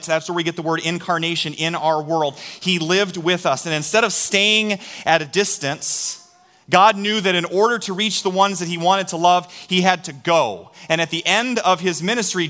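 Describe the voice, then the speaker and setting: Bright-voiced male pastor preaching. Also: high-pitched. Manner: storytelling, animated, drawing in the congregation. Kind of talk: sermon.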